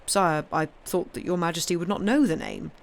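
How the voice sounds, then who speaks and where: A woman's voice: on the low side, brisk, natural voice. A woman voicing an earnest, pleading old duke. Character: older male duke, eager loyal courtier.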